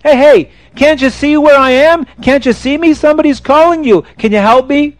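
A man's voice: very high voice, normal speed, no room sound, pitched above the performer's own voice. A man doing a desperate locked-up king. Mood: pleading. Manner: pleading, calling out loudly. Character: desperate imprisoned king, lonely grown man.

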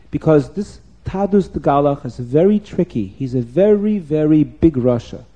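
A man voicing a wise, kind elderly rabbi who speaks quietly and patiently. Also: on the high side, highs cut off. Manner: quiet, soft-spoken, patient.

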